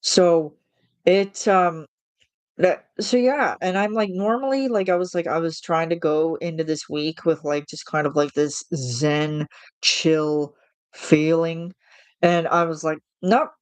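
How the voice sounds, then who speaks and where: A woman's voice: low-pitched, steady tone, takes it slowly, clean tone, no echo. A woman in her thirties venting in a casual monologue, exasperated and ranting, often restarting her sentences. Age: 30s. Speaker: vlogger.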